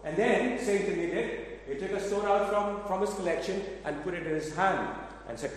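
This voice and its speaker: A man's voice: high-pitched, brisk. A man preaching a sermon, telling a story and asking his listeners questions in a conversational way. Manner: conversational, addresses audience with questions. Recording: echoey hall from afar.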